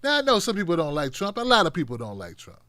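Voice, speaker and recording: Animated high-voiced male stream host. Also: fast talker, no echo. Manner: animated, sarcastic, swinging between loud outbursts and muttering. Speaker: live-stream show host. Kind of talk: live-stream commentary reading viewer comments.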